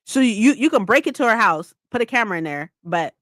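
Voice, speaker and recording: A woman chats on a live book stream with a lively, swooping delivery and a slightly high voice. Her tone is bright and a bit sharp, and she swears freely as she rants. The sound is dry and close. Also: a little fast, dry recording. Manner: animated, profane ranting; laughs often.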